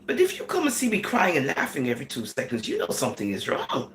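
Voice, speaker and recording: A woman's voice: extremely low pitch, huge pitch swings, fast, a little hiss or hum. A woman vlogger giving casual commentary, giggling between sentences and slipping into Caribbean-style phrasing. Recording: echoey room.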